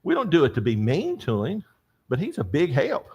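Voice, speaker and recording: A man's voice: fairly high pitch, moderate pace, slightly rough. An older man teaching a church Bible class, telling stories and asking the class questions. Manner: storytelling, animated, asks the class questions.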